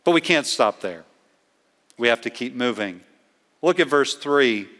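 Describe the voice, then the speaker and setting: A man's voice: medium pitch, lively intonation, a bit bright. Earnest man preaching in a reverberant hall. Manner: earnest, emphatic preaching with slowed stresses. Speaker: pastor. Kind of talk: sermon.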